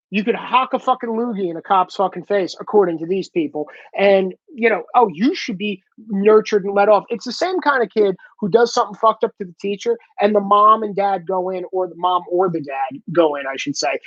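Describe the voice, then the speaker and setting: A man's voice: high-pitched, dry recording. Profane ranting man, lo-fi and dry. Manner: profane, heated, rambling. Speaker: solo vlogger. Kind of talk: ranting monologue. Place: room, alone. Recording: dull lo-fi, dry.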